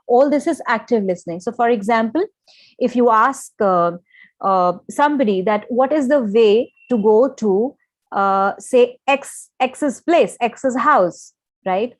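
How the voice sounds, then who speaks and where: A woman's voice: a little high, animated, unhurried, no echo. A woman gives a lecture in an explanatory way, mixing in Hindi phrases and often checking with "okay?". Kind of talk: lecture on listening skills.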